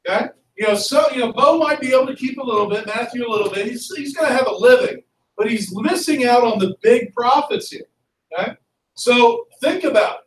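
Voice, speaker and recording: Male history teacher, higher-pitched, lively classroom lecture, distant mic in a roomy room. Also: fairly quick. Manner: lively, constantly checks in with "okay?" and "right?".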